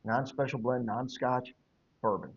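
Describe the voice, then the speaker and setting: A man's voice: medium pitch, steady tone, a little slow, breathy edge. A man co-hosting a casual podcast tasting, full of joking banter. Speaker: podcast co-host. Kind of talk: casual chat. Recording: slightly dull lo-fi audio with faint noise.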